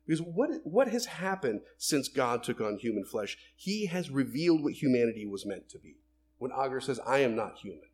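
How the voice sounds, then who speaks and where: A man delivers a sermon, working through scripture line by line. His voice has a husky edge, and his pitch swings widely, leaping up whenever he plays out a quoted voice. He sits at a middling pitch for a man. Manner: animated, acts out voices of people and God in quotes. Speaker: preacher.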